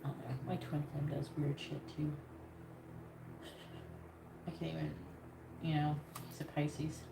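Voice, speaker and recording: A woman's voice: low voice, flat delivery, unhurried, gravelly. A woman giving a live tarot reading in a casual, blunt way, swearing freely. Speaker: tarot reader. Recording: echoey room with noise.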